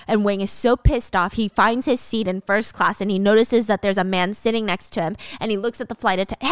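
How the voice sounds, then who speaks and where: A woman's voice: mid-range voice, fairly quick, dry recording. A woman casually retelling a drama plot in a chatty, slangy way into a close mic. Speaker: drama recap narrator. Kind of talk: casual story recap.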